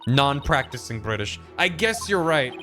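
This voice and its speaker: A man streaming a game, making quick jokes and asides about what happens on screen. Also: medium pitch, big pitch swings, over music. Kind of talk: casual game commentary.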